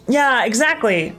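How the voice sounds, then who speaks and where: A man's voice: very high-pitched, sharp tone. Candid, swearing male game streamer. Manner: casual, candid, swears often, hesitant with many ums. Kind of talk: live gameplay commentary.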